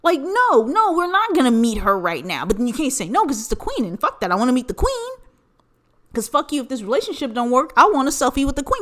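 A woman's voice: sits high, sing-song, fairly quick, pushed and bright. An American woman hosting a podcast, ranting in casual, profanity-filled commentary. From United States. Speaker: podcast host.

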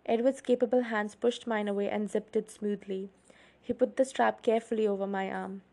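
A woman hosting a read-along show, reading a novel aloud with expressive storytelling. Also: mid-range voice, normal speed. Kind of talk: audiobook reading.

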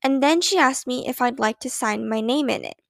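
A woman's voice: high voice, normal speed, vocal fry, fairly bright tone, dry recording, studio quality. A woman voicing a playful grown-up aunt who recalls childhood mischief in a storybook reading. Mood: amused.

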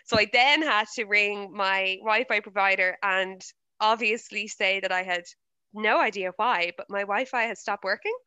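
A young Irish woman co-hosting a podcast, telling stories in an animated way, swearing and laughing a lot. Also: mid-range voice, normal speed, smooth, dry recording. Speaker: podcast co-host. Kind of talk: casual chat.

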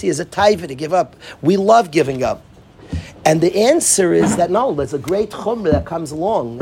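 A man giving an informal talk to dorm counselors, animated, acting out quoted voices and often restarting his sentences. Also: fairly high pitch, a little hiss or hum. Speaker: yeshiva speaker addressing dorm counselors.

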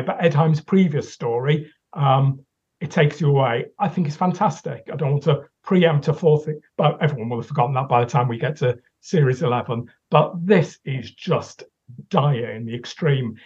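On a dull lo-fi recording, a man co-hosting a podcast swears and rants in frustrated criticism during a casual conversation. He speaks on the high side, with a slightly mellow tone and a breathy edge.

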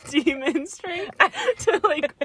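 A young woman in casual chat, giggly and playful with deadpan jokes, recorded on one microphone in a parked car at night. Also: sits high, takes it slowly. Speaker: podcast co-host. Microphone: single mic between two people.

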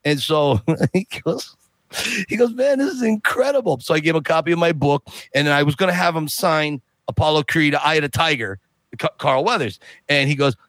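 A middle-aged man, a podcast guest, telling a long story in a lively way and acting out what people said. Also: a little high, moderate pace, no room sound. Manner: lively, acts out other people's lines while telling. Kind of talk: animated anecdote telling.

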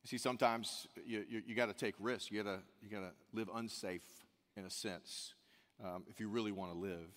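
A man's voice: lowish voice, steady tone, fairly quick, a bit bright. A man preaching a church sermon, earnest and repeating key phrases for emphasis. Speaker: pastor. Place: church service. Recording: long hall reverb.

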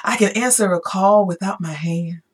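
A woman talking casually to her viewers, animated and emphatic, repeating her points and growing emotional at times. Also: mid-range voice, normal speed, breathy edge. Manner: animated, repetitive, emphatic, Southern-style "y'all". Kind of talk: casual motivational talk to viewers.

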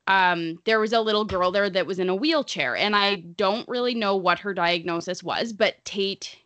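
A woman's voice: medium pitch, fairly bright tone, dry recording. A woman hosting a casual podcast chat, talking in an earnest, rambling way with plenty of fillers. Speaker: podcast host.

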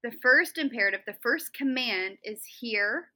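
A woman's voice: on the high side, expressive, measured pace, bright, forceful tone, rough recording. A young woman co-hosting a casual Bible study podcast, bubbly and giggly as she explains the text. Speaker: podcast co-host.

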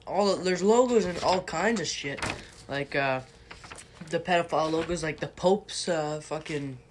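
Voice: mid-range voice, moderate pace, slight background noise. A young podcast co-host chatting casually, rambling and swearing a lot. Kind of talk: casual chat.

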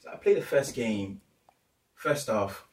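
A young man from the UK telling a story in casual chat, animated and acting out what people said. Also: lowish voice, measured pace. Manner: animated, acts out quotes, lots of slang fillers. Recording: roomy, distant mic.

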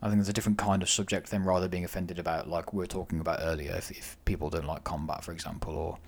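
A man with a very low voice talks in a relaxed podcast conversation. He reasons in a measured way, weighing each side before settling on a view. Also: vocal fry, husky. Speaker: podcast co-host. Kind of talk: casual discussion.

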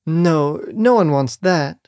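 A man's voice: fairly high pitch, lively intonation, slow pace, a little mellow, no room sound, studio quality. A man voicing a male creature made of many rats, earnest and whiny, in a comic storybook. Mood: worried. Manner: earnest, whiny, cries out when upset.

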